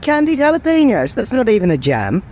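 A woman's voice: a little high, big pitch swings, brisk, warm tone, a little hiss or hum. A woman voicing an indignant, bigoted older village woman who rants in outrage. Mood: outraged. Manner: ranting, outraged.

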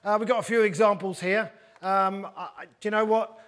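High-pitched guy hosting a joking football panel, wry teasing, pokes fun at himself. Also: steady tone, a little fast, fairly bright tone. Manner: wry, teasing, self-mocking asides. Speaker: host of a comedy football podcast.

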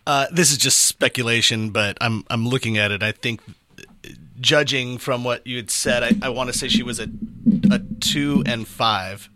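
A man's voice: mid-range voice, normal speed, pushed and bright, no echo. A man producing a podcast, chatting casually and telling self-deprecating stories. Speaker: show producer. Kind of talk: casual chat.

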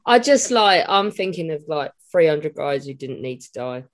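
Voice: medium pitch, very animated, moderate pace. A podcast host running a casual debate, blunt, teasing and sweary.

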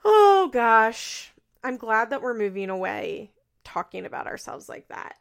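Chatty woman with vocal fry. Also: mid-range voice, normal speed, a bit bright. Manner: chatty, frequent "like" fillers, laughs often. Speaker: podcast host recapping a reality show. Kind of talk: casual chat.

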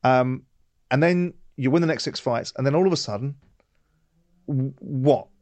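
A man's voice: mid-range voice, moderate pace, darkish tone, dry recording. A man hosting an interview, asking blunt, probing questions. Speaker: host.

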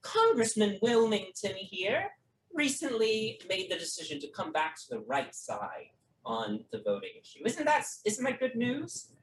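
A game master voicing a smooth, glad-handing male politician who flatters everyone and fills his talk with ums and uhs. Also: medium pitch, a little slow, slight background noise, voice pushed up. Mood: schmoozing. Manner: effusive, flattering, full of fillers. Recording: roomy, from a distant mic.

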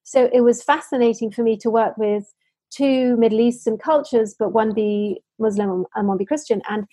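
Soft husky woman telling earnest stories. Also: a little high, normal speed, dry recording. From United Kingdom. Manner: earnest storytelling, frequent restarts and fillers. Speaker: founder of a nappy-making social enterprise. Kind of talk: conversational interview answer.

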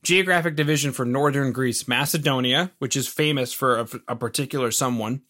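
A Canadian man hosts a casual podcast chat in a middle-pitched voice. His talk is playful and rambling, with jokes at his own expense. His accent is a light Canadian one. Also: brisk, bright, forceful tone. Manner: playful, rambling, self-mocking. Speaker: podcast host.

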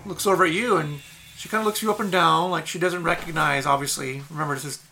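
Gravelly guy running the game, kinda high voice, rambles on describing stuff. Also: fairly even intonation, fast talker, bright, forceful tone, a little hiss or hum. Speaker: game master. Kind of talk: narrating a tabletop game.

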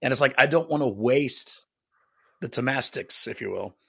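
Male interview guest, gravelly voice, easygoing and halting, dry humor, casual chat. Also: mid-range voice, fairly bright tone. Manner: laid-back, hesitant, many fillers, dry humor. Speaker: guest musician.

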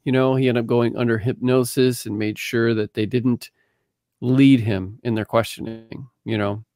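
A man co-hosting a casual podcast, speaking in a halting, measured way and often repeating words as he starts. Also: medium pitch, steady tone, a little mellow. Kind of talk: casual chat, reading aloud from a book.

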